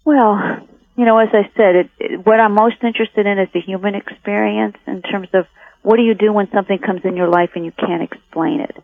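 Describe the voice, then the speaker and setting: A woman's voice: medium pitch, steady tone, brisk, no room sound. A woman who makes documentary films, answering interview questions in a reflective way with frequent restarts. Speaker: documentary filmmaker, guest. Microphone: telephone. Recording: tinny phone line.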